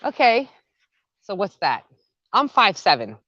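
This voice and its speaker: A woman chatting excitedly as she walks a phone camera through her backyard garden. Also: mid-range voice, unhurried, no room sound, lo-fi sound. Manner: chatty and excitable, gushing over her plants. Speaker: gardening vlogger. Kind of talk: casual walk-and-talk vlog.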